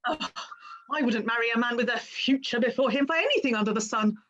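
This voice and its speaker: A woman's voice: on the high side, quick pace, a bit bright, muffled recording, natural voice. An actress playing a vain, witty young society woman, delivering her lines with arch, playful comic timing. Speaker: amateur stage actress. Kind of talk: stage play performance.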